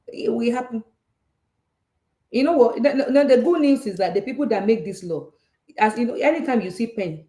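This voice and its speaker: A Nigerian woman with a Yoruba accent hosts a casual finance talk, repeating points and firing off rhetorical checks. Her voice is mellow and warm. The recording has a roomy echo. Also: a little high. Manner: animated and repetitive, with frequent rhetorical checks. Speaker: talk show host on personal finance. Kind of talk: casual teaching talk, switching between English and Yoruba.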